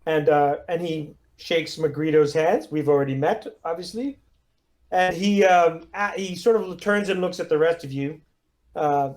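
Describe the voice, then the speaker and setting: A man's voice: fairly high pitch, darkish tone. A man narrating as game master in a loose, chatty way with many fillers. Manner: loose, lots of fillers and laughs.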